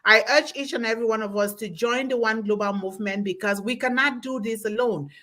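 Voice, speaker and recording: High-voiced woman hosting a live webinar. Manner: effusive, warm thanks, reads comments aloud slowly. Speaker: host reading audience comments. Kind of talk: live online webinar talk.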